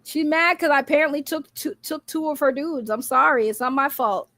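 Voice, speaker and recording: A woman's voice: high voice, steady tone, brisk, a bit bright, no echo. A woman streamer calling out her critics in a blunt, profane, mocking rant, laughing between jabs. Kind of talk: casual rant.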